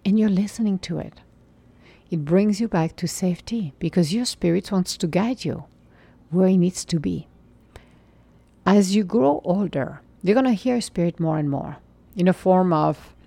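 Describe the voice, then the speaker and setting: A woman in her forties giving an earnest, encouraging spiritual talk, sometimes sinking into a soft whisper. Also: on the low side, a little slow, vocal fry. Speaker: spiritual motivational speaker. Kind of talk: inspirational monologue.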